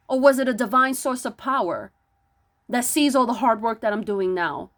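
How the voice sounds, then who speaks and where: A fairly high-voiced woman preaching about spiritual self-work with mounting intensity. She restarts her words often and builds into loud, emphatic rhetorical questions, close to yelling. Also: normal speed. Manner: stammering restarts. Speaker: spiritual vlogger. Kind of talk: impassioned spiritual monologue.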